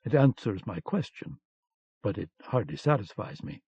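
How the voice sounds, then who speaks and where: A man reading an audiobook, voicing a calm, determined male agent in a firm, steady manner, on a dull lo-fi cassette recording. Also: fairly low pitch, moderate pace, breathy edge, no echo, full character voice.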